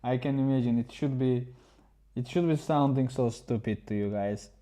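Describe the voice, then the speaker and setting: Male chess streamer, mid-pitched, chatty and halting, chats with viewers between moves. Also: dark tone. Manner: chatty, reads viewer messages aloud and answers them; halting, often restarts his sentences. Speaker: chess streamer commenting a game. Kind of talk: casual livestream chess commentary.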